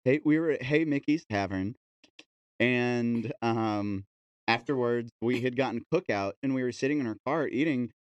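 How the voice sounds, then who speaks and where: A man's voice: medium pitch, moderate pace, clear, resonant tone, no echo, muffled recording. A man co-hosting a podcast, telling a story in casual chat and acting out the quotes. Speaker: podcast co-host.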